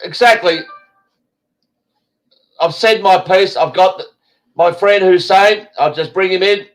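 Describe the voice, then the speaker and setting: A man's voice: high-pitched, a little slow, low-quality recording. An Australian man hosting an online talk show, ranting bluntly and swearing heavily. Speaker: show host.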